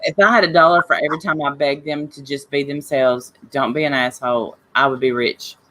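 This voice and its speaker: Give me a host in casual gossip chat who agrees and reassures, with a middle-pitched voice and faint background noise. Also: fairly even intonation, fairly quick.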